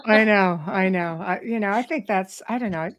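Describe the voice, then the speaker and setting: A middle-aged woman hosting a live talk show, chatting casually with a robust, lively way of speaking and frequent laughter. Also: medium pitch, normal speed. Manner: robust, animated, laughs often. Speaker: radio show host.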